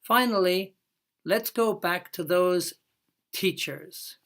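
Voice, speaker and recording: A woman teaching a recorded English lesson at a very unhurried pace. Her voice sits a little low for a woman, and she draws out each example phrase carefully. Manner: slow, careful explaining with drawn-out example words.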